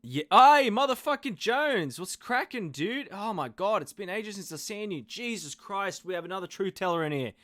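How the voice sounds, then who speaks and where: A man's voice: sits high, expressive, normal speed, few pauses, fairly bright tone, dry recording, studio quality. A man with an Australian accent hosting a live stream, chatting loosely and profanely to his viewers. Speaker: livestream host. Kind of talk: casual live reaction commentary.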